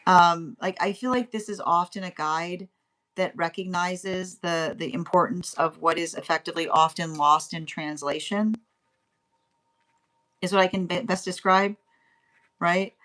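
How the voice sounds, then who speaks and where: Woman tarot reader, halting and repetitive delivery with many fillers, turns lively as she goes. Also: fairly low pitch. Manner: grows animated and laughing. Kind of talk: spoken intuitive reading.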